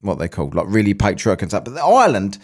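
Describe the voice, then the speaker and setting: A man's voice: lowish voice, big pitch swings, racing, breathy edge. A man hosting a podcast, reading out a news article and chatting casually with plenty of swearing and banter. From England. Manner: sweary, banter-filled, laughs at his own jokes. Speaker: podcast host.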